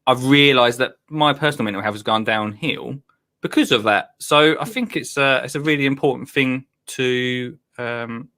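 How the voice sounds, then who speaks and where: A man's voice: mid-range voice, moderate pace, sharp tone. A man hosting a casual chat show, bantering and laughing often. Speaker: host.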